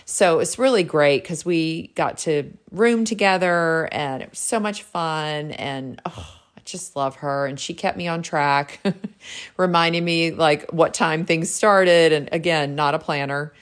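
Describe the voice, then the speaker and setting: A woman's voice: low voice, unhurried. A middle-aged woman, a realtor hosting her own show, telling a casual story in a bubbly, gushing way full of "like.". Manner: bubbly and gushing, heavy use of "like". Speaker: realtor and podcast host.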